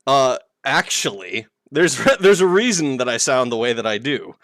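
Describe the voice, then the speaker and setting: A man's voice: medium pitch, animated, normal speed, a bit bright, no echo, studio quality. A man streaming live in a playful, teasing way, reading chat aloud and laughing often.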